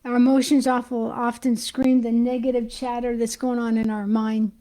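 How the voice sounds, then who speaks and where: A woman giving an informal Christian teaching, talking excitedly and chatting to her viewers while she hunts for her notes. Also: a little high, moderate pace, rough recording. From United States.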